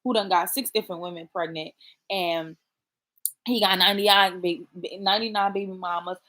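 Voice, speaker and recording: A woman's voice: on the low side, fairly even intonation, normal speed, pushed and bright. A woman chatting casually to her viewers, blunt and profane, talking straight to them. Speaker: vlogger. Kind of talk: casual chat to camera.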